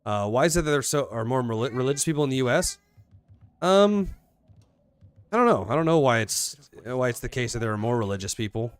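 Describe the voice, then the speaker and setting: A man's voice: mid-range voice, animated, brisk, clean tone, no room sound. A man giving casual, joking commentary while playing a video game, rambling and laughing often. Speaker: streamer.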